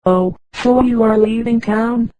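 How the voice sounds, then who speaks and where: A computer-voiced woman reading the lines of a wary young woman, in a flat delivery. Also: on the high side, a little slow, no echo, lightly acted, poor audio.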